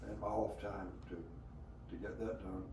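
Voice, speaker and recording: An elderly man in his nineties with a Southern American drawl recounts his working life, pausing on "uh"s and chuckling as he goes. He sits back from the microphone in a roomy space with faint noise behind him. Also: low voice, fairly even intonation, recorded from a distance. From rural Alabama. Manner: rambling storyteller, many hesitations and chuckles. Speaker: veteran being interviewed. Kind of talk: storytelling interview.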